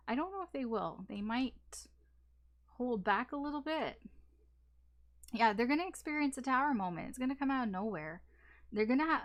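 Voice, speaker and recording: A woman giving a casual tarot reading, talking in a chatty, rambling way with many fillers and restarts and the odd swear word. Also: medium pitch. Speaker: tarot reader.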